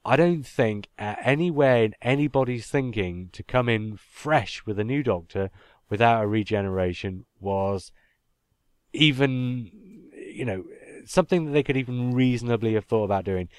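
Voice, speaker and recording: A man's voice: mid-range voice, moderate pace, smooth, no echo, studio quality. A man hosting a podcast, chatting casually and talking his points through at length. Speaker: podcast host.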